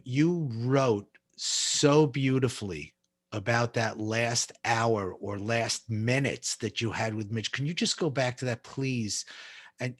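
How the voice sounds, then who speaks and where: Male host, gentle coaxing interviewer, close dry recording. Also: medium pitch, no room sound. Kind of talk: interview questions.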